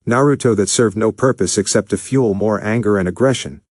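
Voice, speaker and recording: Man reading a scolding mentor, measured and firm, low voice. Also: dry recording, clean studio sound, close to an everyday voice. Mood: stern. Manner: scolding, lecturing. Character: stern older male scientist mentor.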